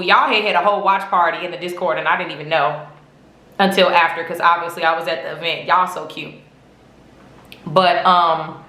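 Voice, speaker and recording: A woman hosting a podcast, telling stories in an animated, chatty way full of slang and swearing. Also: fairly low pitch, roomy sound. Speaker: podcast host. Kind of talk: casual fan chat.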